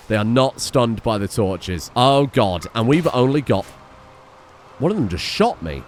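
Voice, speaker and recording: A young man commentating his own gameplay, swearing and panicking as he shouts orders at his characters. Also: fairly low pitch, very animated, moderate pace, a little hiss or hum. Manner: swears and panics, swinging from mutters to yelps. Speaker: gaming streamer.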